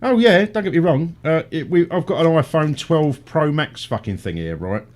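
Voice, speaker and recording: A man's voice: a little high, lively intonation, moderate pace, darkish tone. A middle-aged man, hosting a casual radio chat and ranting with heavy swearing. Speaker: radio show host.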